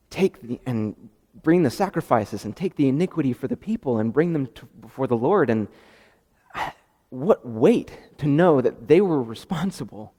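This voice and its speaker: A man preaching a sermon in a conversational, animated way, often restarting his sentences. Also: medium pitch, long reverb tail.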